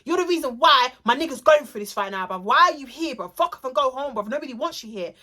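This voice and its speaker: Girl doing a hostile lad telling someone to go home, bright voice. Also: high voice, expressive, fast talker, voice pushed up, full character voice. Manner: hostile, swearing. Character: young man telling a girl to leave.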